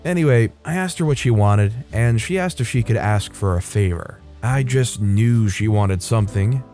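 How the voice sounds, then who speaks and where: A man reading a first-person story aloud in a steady, even scripted narration. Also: fairly low pitch, normal speed. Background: faint background music.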